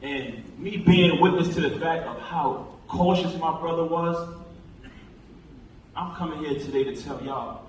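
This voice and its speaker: A man delivers a passionate, emphatic memorial speech from a stage. His voice carries through a very reverberant theater and sounds distant from the microphone, with a faint hiss underneath. His pitch sits in an ordinary middle range. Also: unhurried. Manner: impassioned, emphatic, recounts conversations with his late friend. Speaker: eulogy speaker. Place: large theater hall. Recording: echoey hall, distant pickup, faint noise.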